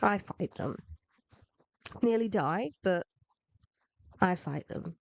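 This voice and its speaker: A woman's voice: medium pitch, lively intonation, slow, creaky, no echo, highs cut off. A woman, feeling unwell with a cold, giving casual, rambling, self-mocking commentary over gameplay. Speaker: gaming video narrator.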